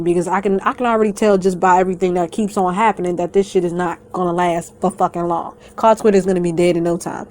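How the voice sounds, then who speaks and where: A woman's voice: medium pitch, a little mellow. A woman vlogger in a blunt, profane rant who talks straight to her viewers, rambles and keeps swearing. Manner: blunt and defiant, swears constantly, breaks into laughter; rambling and conversational, addresses viewers directly. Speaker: YouTuber.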